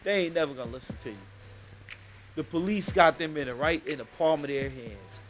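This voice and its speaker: A man tells a street story in loose, slangy, emphatic talk. His voice sits a little higher than most men's. Faint music plays under him. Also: a little fast, fairly bright tone. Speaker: podcast host.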